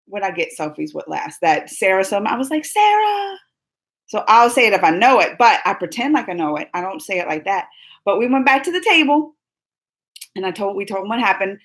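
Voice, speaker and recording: A young woman hosting a live stream, excitedly retelling a fan encounter in casual chat, full of quoted dialogue and squeals. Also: on the high side, low-quality recording. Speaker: livestream host.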